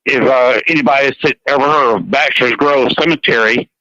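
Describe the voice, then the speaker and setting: A man's voice: mid-range voice, a little fast, pushed and bright, no room sound. A man with a Georgia accent talking earnestly and rambling a little, repeating words as he chats on a radio show. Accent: Georgia, US South. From Georgia, USA. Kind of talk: casual chat on a radio show. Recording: dull, dry radio sound.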